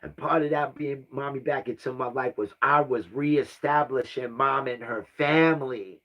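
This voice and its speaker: A man's voice: medium pitch, steady tone, normal speed, sharp tone, lo-fi sound. A man in his fifties telling a personal family story, rambling and repeating himself, often asking "right?" and sighing. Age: 50s. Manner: rambling and repetitive, often asks "right?" and sighs. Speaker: vlogger.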